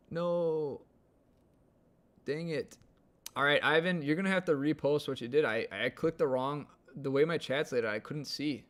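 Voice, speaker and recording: Here the livestream host is a man with a fairly high, slightly bright voice speaking at a normal speed. With a Midwestern American accent, he chats casually from indoors at home, rambling easily and leaning hard on the word "like."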